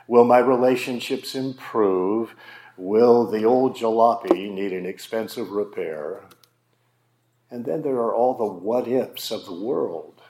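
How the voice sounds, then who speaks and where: Pastor guy preaching real slow and emphatic, big pauses, echoey room. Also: fairly low pitch, darkish tone. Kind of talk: sermon.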